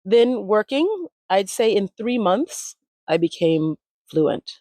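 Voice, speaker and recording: A woman in her forties speaks at an ordinary middle pitch as an interview guest. She tells her stories with animation and now and then slips into the voices of the people she quotes. The recording is close and dry. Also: expressive, slow pace, darkish tone, no echo. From United States. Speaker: language retreat founder, interview guest. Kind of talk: conversational interview storytelling.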